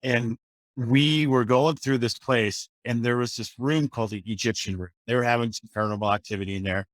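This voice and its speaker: A man with a mid-pitched voice tells a haunted-house anecdote in relaxed podcast chat. The recording is dry and close. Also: fairly quick, no room sound. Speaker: paranormal investigator guest. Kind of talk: casual podcast roundtable chat.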